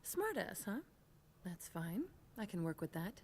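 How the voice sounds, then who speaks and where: A woman's voice: on the low side, very animated, unhurried, darkish tone, slight background noise. A woman voicing a confident, wry female internal affairs agent in a video game, with a teasing manner.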